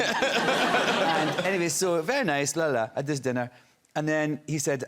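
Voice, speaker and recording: A man's voice: a little high, moderate pace, slight background noise. A middle-aged man with a Scottish accent, a talk show guest telling anecdotes in casual chat and laughing often. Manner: animated storyteller, laughs often.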